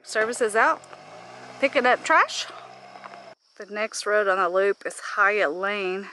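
Her tone bright and forceful, a vlogger chats to the camera at a slow pace while walking a rural park road loop, pointing things out and venting casually. Her voice is medium-pitched, with slight background noise and faint insect-filled outdoor ambience.

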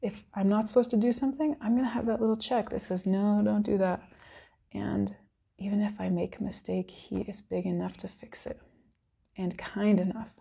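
Woman with a husky, gravelly voice for a heartfelt church devotional, earnest and near tears. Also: medium pitch, steady tone, normal speed, warm tone. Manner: earnest, emotional, close to tears. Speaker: worship speaker. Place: church service.

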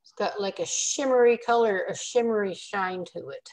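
A woman's voice: mid-range voice, normal speed, a little mellow, low-quality recording. A woman guest on a crafting live stream, chatting casually and asking curious questions. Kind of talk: casual chat.

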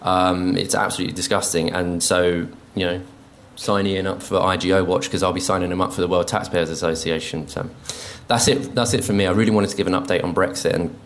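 A man with a notably low voice speaks from a conference stage. He halts and restarts often, peppering his talk with ums. He takes an indignant, disapproving tone. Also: fairly even intonation, fairly quick, hardly any pauses. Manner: hesitant, full of ums, indignant. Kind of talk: informal conference speech. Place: conference venue.

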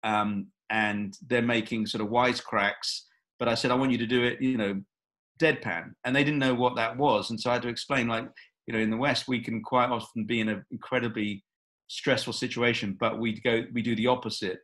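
A man who is a film director, answering interview questions in a relaxed, rambling way with many fillers and restarts. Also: mid-range voice, a little fast.

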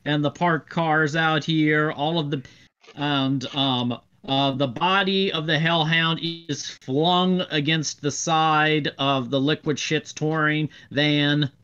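A man narrating a tabletop game as game master, slow and full of fillers. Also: on the high side, steady tone, pushed and bright, clean tone. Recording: dull lo-fi recording.

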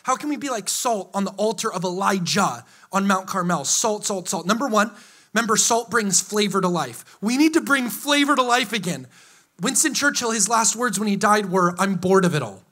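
A man preaching a sermon to a live congregation, energetic and joking with them, rising to excited shouts. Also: high voice, moderate pace. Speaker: pastor. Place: church hall before a live congregation.

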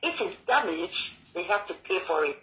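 A woman's voice: lowish voice, lively intonation, moderate pace, a bit bright, low-quality recording. Chatty woman caller telling her story. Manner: chatty, rambling storytelling in broken English. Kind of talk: phone-in conversation.

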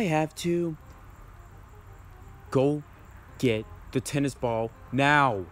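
A man's voice: mid-range voice, extremely slow, long pauses, faint music behind. A young man performing a casual improvised comedy skit, voicing several friends who bicker in whiny, slangy banter full of fillers.

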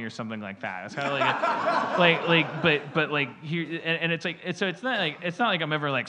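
A man's voice: a little high, lively intonation, moderate pace, sharp tone. A man hosting a podcast, telling a rambling, profane story in casual chat and acting out little voices. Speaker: podcast host.

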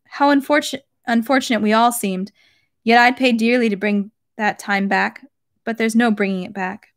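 A woman's voice: fairly high pitch, steady tone, normal speed, dry recording, clean studio sound, close to an everyday voice. A woman reading aloud the lines of a proud, regretful young nobleman in a novel, in an earnest, slightly raised voice. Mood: wistful.

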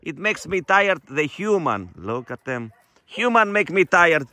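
Middle-aged male shelter founder, bright and forceful voice, halting non-native English. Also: fairly high pitch, very animated. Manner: fond, coaxing talk to the dogs. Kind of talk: casual vlog narration. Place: animal shelter.

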